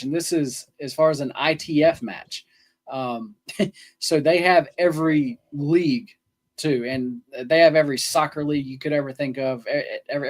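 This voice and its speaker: Brief: easygoing male co-host, mid-pitch, casual and loose. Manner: casual, rambling, many ums and restarts. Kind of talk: sports betting podcast chat.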